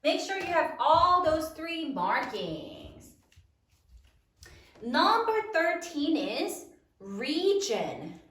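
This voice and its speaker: A woman teaching a spelling lesson to young children, sounding out each word slowly in a sing-song teacher voice. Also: high-pitched, sing-song, a bit bright, reverberant, recorded from a distance.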